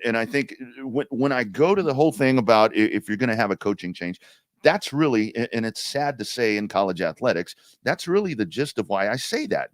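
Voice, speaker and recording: A man's voice: on the low side, no room sound, clean studio sound. A man co-hosting a sports talk stream, talking earnestly and hesitantly, often repeating words. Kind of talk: casual sports talk chat.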